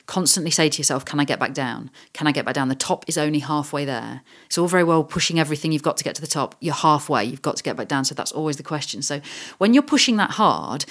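A woman in her thirties from the UK, a guest telling her adventure story in a casual interview, earnest and animated, acting out her own inner thoughts. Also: sits low. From United Kingdom.

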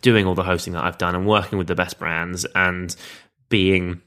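A man's voice: low voice, steady tone, normal speed, fairly bright tone. A man being interviewed in a studio, talking candidly and chattily, now and then poking fun at himself. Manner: candid, chatty, self-deprecating, with laughs. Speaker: guest. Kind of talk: casual interview chat. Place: studio across a table.

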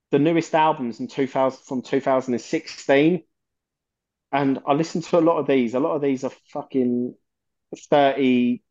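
A man's voice: mid-range voice, a little mellow, muffled recording. A man, a guest on a metal podcast, talking passionately and rambling, with plenty of swearing. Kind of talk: casual chat.

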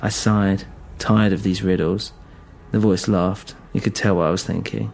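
A man's voice: low-pitched, fairly even intonation, measured pace, vocal fry, a little mellow. A man narrating a first-person story in a weary, dry, wry manner.

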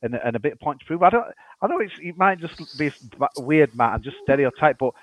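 A man co-hosting a football podcast, chatty and excitable. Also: fairly high pitch, fast talker, a little hiss or hum. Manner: excitable, chatty, laughs easily. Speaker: podcast co-host. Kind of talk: casual chat. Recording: tinny phone-like line.

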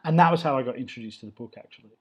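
An Australian chef in his thirties, appearing as a guest in a casual interview, tells stories from his career with open enthusiasm and a loose storytelling style. His medium-pitched voice is rapid-fire and slightly rough, and the highs are cut off.

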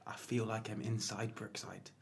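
A podcast co-host in casual chat who makes quick jokes. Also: mid-range voice, monotone.

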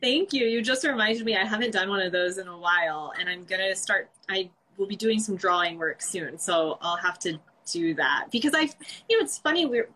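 A woman who works as an architect and designer, talking casually with fillers and a relaxed, chatty manner. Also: mid-range voice, fairly quick, few pauses, slight background noise, poor audio. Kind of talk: casual conversation.

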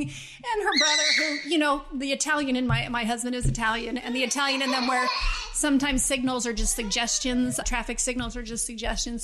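Middle-aged mom telling a story, lively, does the kids' voices, voice a bit high. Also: female voice. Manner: animated storyteller who acts out her children's voices. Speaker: guest, mother. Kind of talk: casual storytelling.

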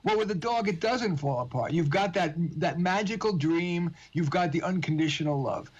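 A man with a New York and Californian accent joins over the phone as a guest career coach. His voice sits a little high and comes through dull and lo-fi, and he mixes joking remarks with earnest explanation. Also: lively intonation, normal speed, a little hiss or hum. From United States. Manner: jokey, then earnest and explanatory. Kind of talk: phone interview. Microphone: phone line.

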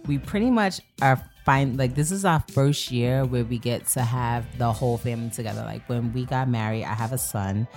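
Guest, woman in her 30s, very deep voice, easygoing laughing chatter, heavy use of "like," faint music bed. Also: moderate pace, few pauses, a little mellow. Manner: laughs easily, chatty, leans on "like" as a filler. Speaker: podcast guest. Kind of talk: casual interview chat.

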